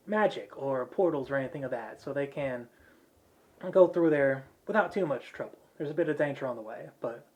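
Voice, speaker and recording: A man's voice: a little high, a little mellow, lightly acted. A man voicing a practical woman leader, laying out plans in a businesslike way.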